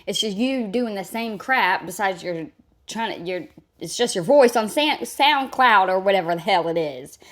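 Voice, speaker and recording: A woman's voice: mid-range voice, expressive, normal speed, fairly bright tone. A woman streaming live and reacting to a clip with mocking, profane commentary, talking back at the person on screen.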